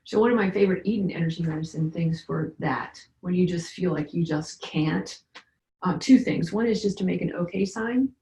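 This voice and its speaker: A woman practitioner calmly guiding listeners through simple energy medicine exercises. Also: on the low side, moderate pace, a little hiss or hum. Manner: calm guiding instructions. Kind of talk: instructional talk. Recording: roomy echo.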